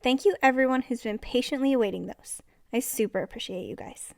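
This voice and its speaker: A woman's voice: on the high side, brisk, gravelly, noisy background. A woman hosting a podcast, talking in a bubbly, effusive way to her listeners. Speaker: podcast host. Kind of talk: casual podcast chat.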